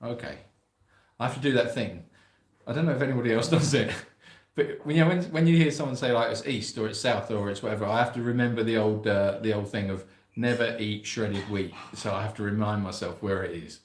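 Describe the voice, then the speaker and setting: A man's voice: on the low side, a little fast. A man co-hosting a casual live stream, reading out viewer greetings and joking along. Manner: chatty, jokey, reads out viewer greetings. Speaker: sanctuary co-host reading live chat. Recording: roomy echo.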